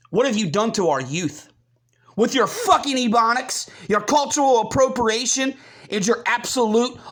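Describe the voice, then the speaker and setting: A man's voice: high-pitched, fairly bright tone. Angry, profane American man ranting. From United States. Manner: combative, profane, scornful ranting. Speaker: channel host. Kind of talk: ranting commentary.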